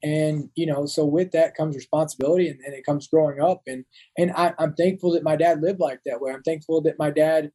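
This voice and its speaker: A man's voice: a little high, fairly even intonation, fairly quick, hardly any pauses, mellow, poor audio. A man in his thirties, a Marine veteran, talking as a guest in an interview, often restarting and repeating words. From United States. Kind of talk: casual interview talk.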